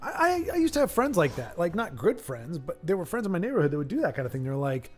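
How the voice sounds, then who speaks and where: A man's voice: a little high, big pitch swings, fast, darkish tone, faint music behind. Joking, stammering streamer man. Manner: joking, rambling, stammers and repeats words. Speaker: game streamer and host. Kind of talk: casual live-stream commentary and chat.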